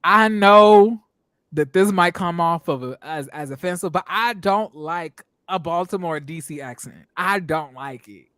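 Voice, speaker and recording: A man hosting a casual review show, talking in an animated, emphatic way and acting out what people on the show said. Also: high-pitched, measured pace, clear, resonant tone, no echo, studio quality. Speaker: show host reviewing reality TV. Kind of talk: casual commentary.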